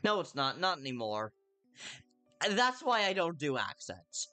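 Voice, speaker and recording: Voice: mid-range voice, sing-song, a little slow, pushed and bright, soft background music. A streamer chatting casually while playing a game, reading the dialogue aloud in put-on voices and rambling about the characters with a self-deprecating tone.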